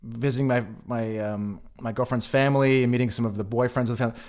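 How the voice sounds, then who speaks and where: A man from the United States chats as a podcast guest in an easygoing, rambling way. His pitch sits in a middle range. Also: fairly even intonation, fast talker, a little mellow. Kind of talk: casual podcast chat.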